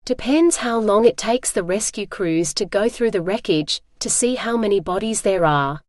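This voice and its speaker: A woman's voice: medium pitch, expressive, normal speed, no echo, clean studio sound, close to an everyday voice. A woman reading the lines of a curt, uniformed female jail guard in an audiobook. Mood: stern.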